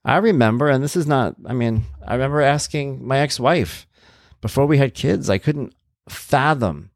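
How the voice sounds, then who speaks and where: A man's voice: mid-range voice, expressive, normal speed, vocal fry, no echo, studio quality. A middle-aged man earnestly telling his own life story as a parent, candid and reflective. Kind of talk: personal storytelling.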